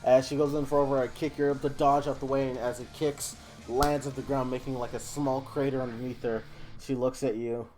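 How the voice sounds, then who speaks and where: A man narrating as game master of a tabletop game, animated and quick to laugh. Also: mid-range voice, faint music behind.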